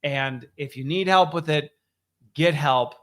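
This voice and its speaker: A man with a voice on the high side hosts a weekly update show, offering casual solo commentary at an unhurried pace. He speaks emphatically and restarts often.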